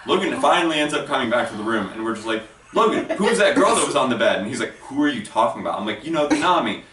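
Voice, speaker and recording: A man's voice: medium pitch, rapid-fire. A man telling a story in a casual vlog, swearing freely and acting out what others said. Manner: animated, swears freely, quotes people in put-on voices. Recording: echoey room, mic at a distance, faint noise.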